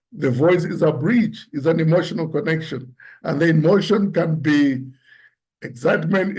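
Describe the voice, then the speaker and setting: A man teaches how the voice carries meaning. He speaks slowly and unhurriedly, in a slightly higher register, and now and then acts out example phrases to show tone. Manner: deliberate, demonstrates pitch and tone examples aloud. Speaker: public speaking coach. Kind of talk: instructive talk on voice and public speaking.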